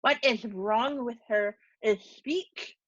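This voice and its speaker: A stern, furious immigrant father, put on by a woman reading a storybook aloud, biting out broken English in slow, clipped words. His voice sits a little high, with dull, dry sound. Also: no echo.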